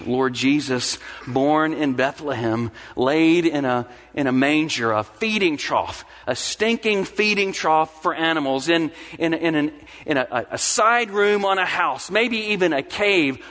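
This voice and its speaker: A young adult man preaches with earnest, emphatic delivery, his voice sitting fairly high for a man. He leans on repeated phrases to drive points home. His words ring out through a church with a long, lingering reverb. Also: fairly bright tone. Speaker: pastor. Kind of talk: sermon.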